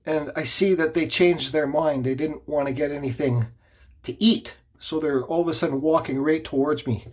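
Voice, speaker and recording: A husky man with a fairly high voice tells a story in a relaxed, rambling way. He restarts his sentences and adds little asides as he goes, chatting to his viewers like a woodcarving vlogger. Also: moderate pace. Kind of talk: casual storytelling vlog.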